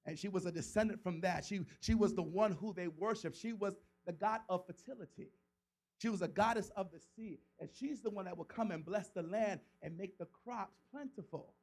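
High-voiced preacher man, dramatic. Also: gravelly, low-quality recording. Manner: preaching with dramatic voiced quotes, rising to shouts. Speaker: pastor. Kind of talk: sermon.

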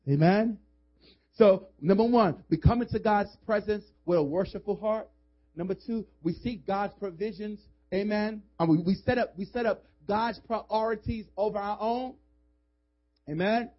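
Husky-voiced man preaching with fire. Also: high-pitched, moderate pace. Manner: emphatic preaching, swings from shouts to hushed asides. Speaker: pastor. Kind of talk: sermon. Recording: dull lo-fi recording.

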